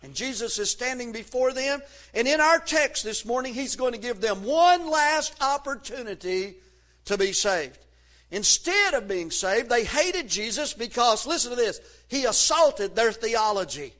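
A man preaching a sermon from the pulpit, fervent and emphatic, rising to shouts on key points. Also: very high voice, animated, a little slow. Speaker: pastor.

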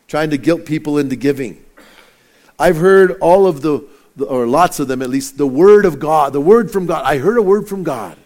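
A man's voice: fairly high pitch, darkish tone. A middle-aged man preaching a casual, joking sermon as pastor, stumbling and restarting often. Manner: folksy, joking, many restarts. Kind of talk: conversational sermon.

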